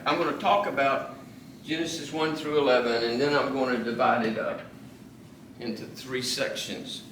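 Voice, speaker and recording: A man teaches a small Bible study group in a relaxed, talkative way, circling back on his words and quizzing the class. His voice is bright and sits a bit high. The room is echoey, with a faint hiss behind him. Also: distant mic. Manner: conversational, repeats and restarts, asks the class questions.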